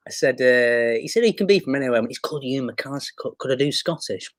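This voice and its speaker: A man's voice: mid-range voice, animated, fast talker, dry recording. A man with a Manchester accent, an actor guest chatting casually on a video call and telling rambling, self-mocking stories. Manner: self-deprecating, rambling anecdotes. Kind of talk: casual chat.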